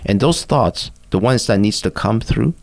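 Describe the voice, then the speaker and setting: An older man, a physician, guiding a listener through a body-awareness exercise in a calm, patient, instructive way. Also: fairly low pitch, normal speed, vocal fry. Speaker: physician and therapist guest. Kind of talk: guiding a mindfulness exercise in conversation.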